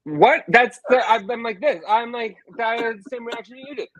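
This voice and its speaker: Guest author type, man, high and bright, lively storyteller, dry close sound. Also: dry recording. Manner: animated storyteller, quick restarts. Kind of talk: casual anecdote telling.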